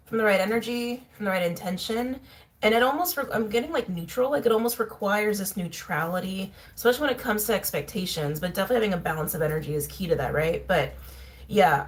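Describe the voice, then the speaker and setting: A woman giving a casual tarot reading to her viewers, talking in a chatty, musing way with fillers and soft laughs. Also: mid-range voice. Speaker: tarot reader. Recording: faint background noise and clicks.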